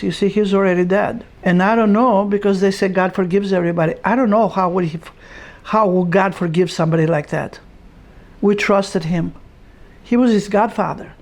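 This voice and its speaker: A woman, the player's mother, giving measured personal testimony in an interview with simple, blunt phrasing. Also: medium pitch, a little mellow.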